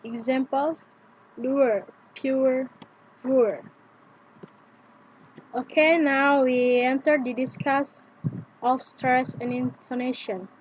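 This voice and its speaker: A young adult woman, a native Indonesian speaker, reading a prepared pronunciation lesson aloud and slowly repeating example words. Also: high voice, fairly even intonation, slightly rough. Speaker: student presenting pronunciation lesson. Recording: dull lo-fi with faint noise.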